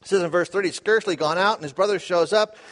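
A man teaching the Bible verse by verse, animated, asking his listeners questions and acting out the quotes. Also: high voice, very fast. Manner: animated, asks the audience questions, acts out quotes.

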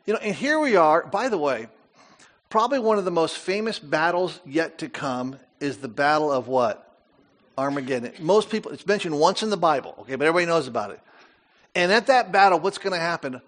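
An older man preaches with a fairly high voice. His delivery is animated, full of rhetorical questions and asides. He sounds like a pastor addressing his congregation. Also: fairly quick. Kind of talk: sermon.

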